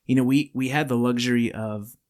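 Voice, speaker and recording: A man from California hosts a casual podcast in a studio. He rambles and restarts a lot and laughs easily, in a voice of ordinary pitch. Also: fairly even intonation, brisk, darkish tone. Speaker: podcast host.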